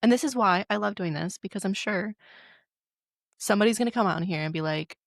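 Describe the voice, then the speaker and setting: A young woman co-hosting a podcast, telling stories in an animated, casual way and swearing freely. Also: mid-range voice, fast, vocal fry, no echo, studio quality. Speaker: podcast co-host. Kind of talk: casual chat.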